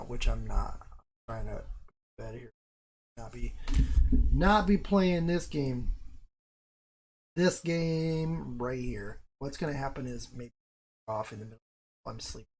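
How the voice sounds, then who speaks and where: A man's voice: mid-range voice, creaky, darkish tone, slight background noise. A young man chatting casually on a live stream, rambling and swearing freely, with self-mocking asides.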